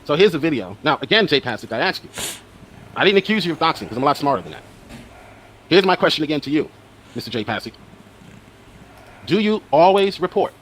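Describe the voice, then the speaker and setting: A man delivers argumentative commentary in a brisk, rapid flow. He pushes the same pointed questions over and over, with faint noise under the recording. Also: on the high side, big pitch swings, a bit bright. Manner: presses his questions repeatedly. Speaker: commentator in the reacted video.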